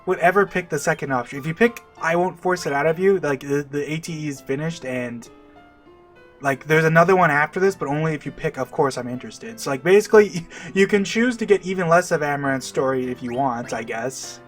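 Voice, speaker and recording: A man's voice: on the high side, fairly quick, a bit bright. A man giving casual, chatty commentary while playing a video game, with frequent "like" and restarts. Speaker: let's play host. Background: faint game music.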